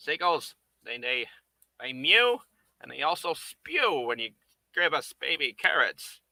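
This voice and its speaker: A man's voice: on the high side, big pitch swings, measured pace, bright, forceful tone, no room sound. A man making a puppet who chats casually and playfully with viewers, rambling and chuckling as he works. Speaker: puppet maker streaming live. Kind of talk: casual chat while working.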